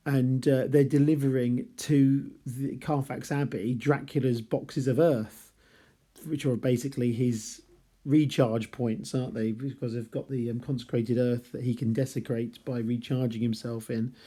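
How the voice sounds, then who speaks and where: A man walks through a classic novel chapter by chapter, talking casually as a teacher would. His voice is mellow and warm at an ordinary middle pitch, and he rambles a little, correcting himself and apologising as he goes. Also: fairly even intonation, normal speed. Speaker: literature teacher.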